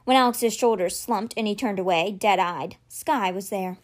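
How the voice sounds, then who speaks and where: A woman reading a novel aloud, shifting her voice for the dialogue. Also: moderate pace. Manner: expressive, shifts pitch for dialogue. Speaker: audiobook reader.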